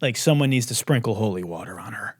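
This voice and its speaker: Brief: sarcastic male host ranting, very animated pitch, dry close sound. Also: fast talker, husky, dry recording. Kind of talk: comedic commentary.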